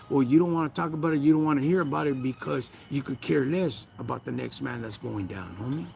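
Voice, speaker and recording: A man with a Chicano accent hosts a casual livestream from his backyard, ranting in street slang, preaching and answering his chat. His medium-pitched voice is gravelly and warm, and he talks fast with hardly any pauses. There's a little hiss or hum.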